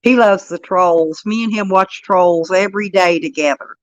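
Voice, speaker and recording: A woman's voice: medium pitch, normal speed, no echo, dull audio. An older woman, a grandmother, chatting casually on a vlog and cooing sing-song baby talk to her grandchild, laughing often. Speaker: vlogger and grandmother. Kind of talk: casual live-stream chat.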